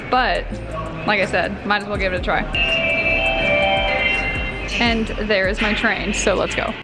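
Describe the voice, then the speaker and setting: A woman's voice: medium pitch, steady tone, a little slow, loud music behind the voice. A young woman chatting in a casual, bubbly vlog, full of fillers, filmed at home and out on the streets. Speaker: vlogger. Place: apartment, then city streets and shops. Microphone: handheld camera.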